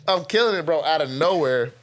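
Give me a man with a somewhat high voice telling an animated, slangy story into a close podcast mic. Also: unhurried. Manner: animated, slangy, laughs often. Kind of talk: casual storytelling chat. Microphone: close studio mic.

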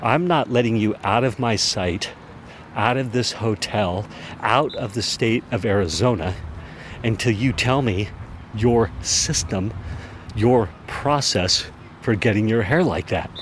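A man with a fairly low voice quoting an adult woman friend who eagerly and insistently presses him with questions. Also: a little slow, a little hiss or hum, lightly acted.

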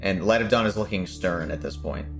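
Low-voiced man questioning as a tabletop player. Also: fairly quick, faint music behind. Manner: questioning, joking, rambling. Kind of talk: casual tabletop game chat.

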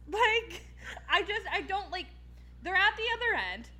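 A woman's voice: extremely high pitch, expressive, moderate pace, bright, forceful tone. A woman from Philadelphia hosting a casual podcast chat, ranting with heated profanity and many fillers. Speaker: podcast host.

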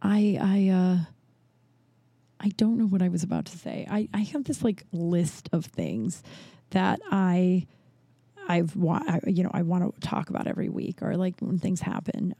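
A woman's voice: on the low side, creaky, dark tone, no echo. A woman hosting her own podcast, talking casually and bluntly, rambling through stories with plenty of swearing. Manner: blunt, rambling storytelling with profanity. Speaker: podcast host. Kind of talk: casual solo podcast chat.

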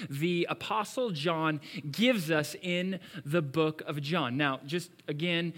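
A man preaching a sermon as pastor, swinging between loud emphasis and hushed asides. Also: a little high, takes it slowly.

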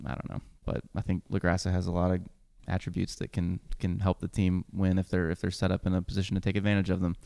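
Podcast co-host, male, low and smooth, loose self-correcting delivery, dry close mic. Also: monotone, fast, few pauses, dark tone, no room sound. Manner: rambling, self-correcting, laughs often. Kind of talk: casual chat.

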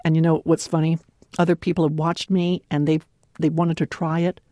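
A woman giving a devotional talk in an earnest, clearly enunciated way, laughing often. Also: low-pitched, little pitch movement, normal speed, warm tone, no echo, clean studio sound. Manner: clear, carefully enunciated delivery. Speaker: devotional speaker.

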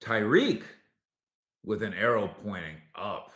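Animated man hosting a sports talk show. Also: fairly low pitch, slow, reverberant. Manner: animated, argumentative, talks to listeners directly. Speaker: sports podcast host.

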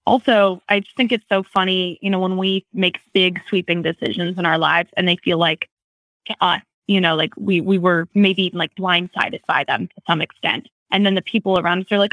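A woman's voice: lowish voice, steady tone, brisk, fairly bright tone, no echo, poor audio. A woman hosting a casual interview, asking thoughtful, reflective questions. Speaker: host.

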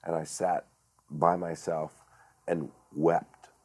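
Deep-voiced middle-aged guy, slow halting storytelling, lots of uhs. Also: level tone, a little mellow. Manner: halting, many fillers and restarts. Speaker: guest, director and actor. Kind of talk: reflective storytelling.

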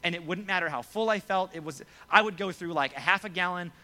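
A man's voice: sits high, fast talker. A young man preaching a casual, joking sermon to students as their pastor, acting out quotes along the way. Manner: lively, joking, acts out quoted voices. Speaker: youth pastor.

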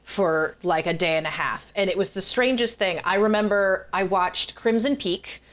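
A woman guest author in a casual interview, telling stories in a chatty, animated way. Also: medium pitch, normal speed. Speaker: guest author and festival performer.

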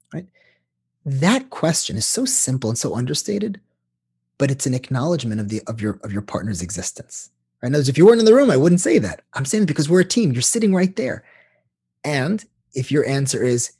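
A man who works as a couples therapist, explaining in an animated way during an interview. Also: medium pitch, a little fast, gravelly, breathy edge.

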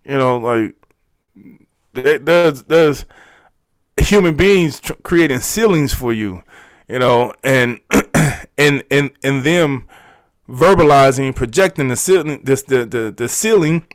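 A man's voice: mid-range voice, dry recording. A man, telling a personal story in a candid, emotional way, often restarting his words. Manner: emotional, halting, repeats words. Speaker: podcast guest.

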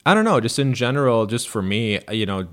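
A man's voice: medium pitch, big pitch swings, brisk. A man with an American Midwestern accent co-hosting a podcast, chatting casually and rambling with plenty of hedges and fillers. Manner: rambling, hedging, with many fillers. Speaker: podcast co-host.

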